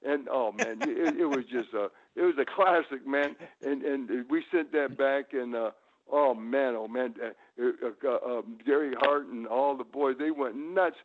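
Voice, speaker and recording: Man rambling through stories on a tinny phone line. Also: unhurried. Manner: rambling, many repeated "and, and" starts; bursts into loud high showman shouts. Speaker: guest, retired pro wrestler. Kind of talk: casual storytelling.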